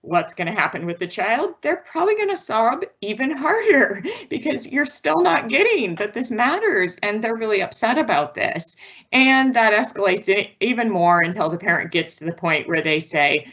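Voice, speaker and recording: A woman's voice: a little high, lively intonation, moderate pace, a bit bright, muffled recording. A woman giving a virtual parenting presentation in an earnest, patient, instructive way. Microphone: video call.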